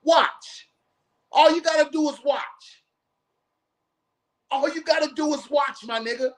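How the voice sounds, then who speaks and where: A man's voice: extremely high pitch, unhurried. A man hosting a live podcast stream, ranting bluntly and profanely in heated commentary. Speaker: podcast host.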